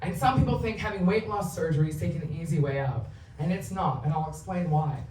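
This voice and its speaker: A woman's voice: fairly low pitch, brisk, warm tone, slight background noise. Woman in her thirties doing candid stand-up. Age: 30s. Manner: candid, profane, storytelling. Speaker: stand-up comedian. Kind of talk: confessional stand-up set. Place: theatre stage. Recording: roomy, distant live theatre recording.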